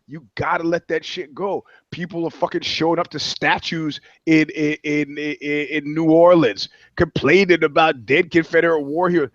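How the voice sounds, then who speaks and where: A man's voice: a little high, moderate pace, fairly bright tone, dry recording, highs cut off. Swearing man spinning rambling stories. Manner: profane, rambling anecdotes. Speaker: guest, touring musician. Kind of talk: casual podcast chat, storytelling.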